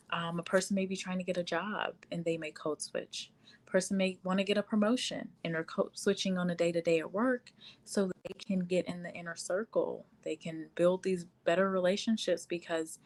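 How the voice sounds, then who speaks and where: A woman hosting a casual live stream, talking at length with frequent fillers and reading viewer comments aloud. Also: fairly low pitch. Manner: frequent fillers, laughs often. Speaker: livestream host.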